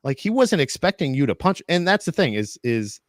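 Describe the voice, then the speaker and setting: A man co-hosting a casual podcast chat, rambling with many restarts and quick asides. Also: a little high, big pitch swings, no room sound, clean studio sound. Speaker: podcast co-host.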